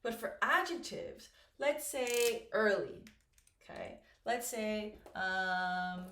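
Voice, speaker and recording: A woman teaching an English lesson at a whiteboard, slowly and patiently, repeating the key words. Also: medium pitch, animated, fairly bright tone, a little hiss or hum. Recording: echoey room.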